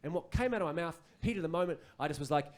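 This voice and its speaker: A New Zealand man with a fairly high voice tells a long, rambling stand-up story from a comedy club stage. He talks into a handheld mic and breaks off now and then to act out the people in the story with lively voices. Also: rapid-fire. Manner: rambling anecdotal storytelling with animated impressions.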